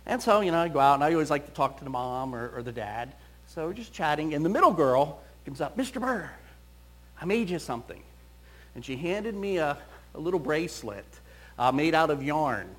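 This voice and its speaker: Lively, animated man telling stories. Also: fairly high pitch, brisk. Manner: animated storyteller, quoting voices. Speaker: counselor. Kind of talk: storytelling talk.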